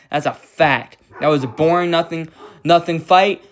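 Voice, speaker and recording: Guy rambling through a fight recap, cusses a lot, kinda high smooth voice. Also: normal speed. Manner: blunt, profane, rambling. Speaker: MMA commentator.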